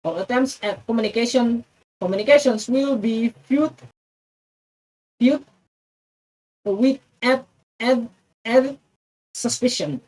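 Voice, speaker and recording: A woman's voice: on the high side, darkish tone, distant mic, poor audio. A woman with an Indonesian accent reading an English text aloud for practice, stumbling and restarting often. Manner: halting, many restarts and stumbles on words.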